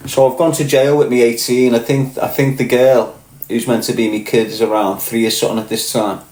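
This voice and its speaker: In an echoey room, a middle-aged livestreamer with a Liverpool accent spins boastful, vulgar yarns for his live chat, calling out viewers by name. His mid-range voice is a little mellow, fairly quick, and mostly flat in pitch.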